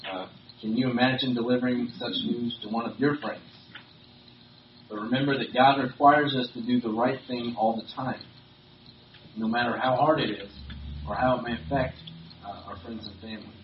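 A man preaching a sermon in a relaxed, conversational manner, often restarting his sentences and filling pauses. He is picked up from a distance in a reverberant hall. The recording is dull and lo-fi, with a faint hiss underneath. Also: medium pitch. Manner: conversational with frequent fillers and restarts. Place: church or meeting hall.

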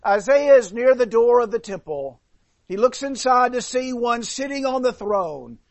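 A man's voice: very high voice, animated, normal speed, no room sound. A male preacher delivering a sermon in an earnest way, often repeating words as he restarts.

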